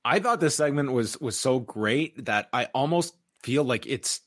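A man of middle pitch hosts a review podcast, walking through events in an even, matter-of-fact recap. His voice sits close to the mic in a dry, dead room. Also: unhurried, no echo. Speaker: wrestling podcast host. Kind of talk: match recap and discussion.

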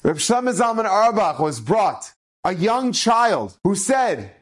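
A male rabbi tells stories from the pulpit in a lively voice that leaps up and down. His voice sits somewhat high for a man, and he acts out every quotation with emphasis. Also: takes it slowly. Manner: animated, acts out quoted speech. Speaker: rabbi, inspirational speaker. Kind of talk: storytelling Torah talk.

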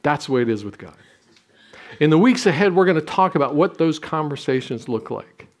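A man's voice: a little high, animated, a little fast. A man in his sixties preaching a sermon, telling stories with self-deprecating humor and some restarts. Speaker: pastor.

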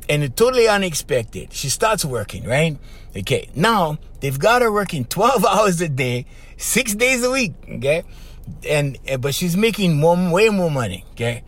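A middle-aged man, hosting a podcast and telling a client's story in a chatty way, checking in with "okay?" and "right?". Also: on the high side. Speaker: podcast host and life coach.

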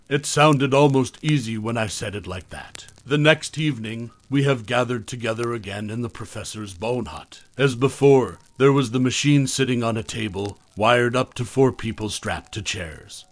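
A man reading a first-person horror story in steady, plain scripted narration on a close mic. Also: mid-range voice, normal speed, few pauses, no echo.

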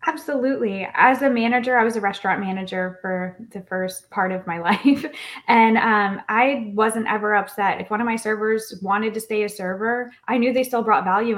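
A woman who is a hospitality researcher talks as a guest on an interview podcast. She is enthusiastic and chatty and laughs easily. Her voice sits at an everyday pitch. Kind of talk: conversational interview.

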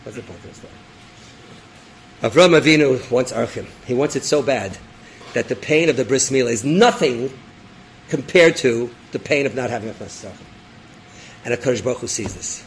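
A rabbi telling a story in a sermon, animated, acting out voices and dropping in Hebrew terms. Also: male voice, medium pitch, fairly quick, long pauses, slight background noise, low-quality recording. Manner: animated storyteller, acts out characters, laughs; sprinkles Hebrew and Yiddish terms.

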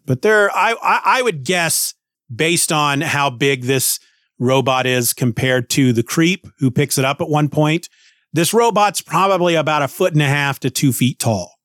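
A man's voice: mid-range voice, fairly bright tone, no echo, studio quality. A man hosting a podcast, recapping a comic book in a casual, rambling way with many restarts. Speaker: podcast host.

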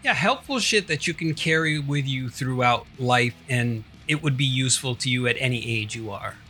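A man's voice: mid-range voice, expressive, moderate pace, pushed and bright, faint music behind. A man co-hosting a podcast, easygoing and laughing often in loose, swearing chat. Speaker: podcast co-host. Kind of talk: casual profane chat.

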